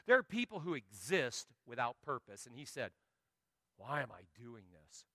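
A middle-aged man preaching a sermon as a pastor, lively and acting out the voices of the people he quotes, swinging between quiet asides and loud bursts. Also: very high voice, normal speed, no echo, studio quality.

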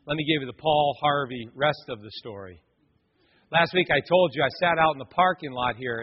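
A man's voice: a little high, breathy edge. A middle-aged man, a pastor, preaching a sermon and telling a personal story straight to his congregation. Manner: animated storytelling, addresses the congregation directly. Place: church sanctuary. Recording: long church reverb, dull muffled sound.

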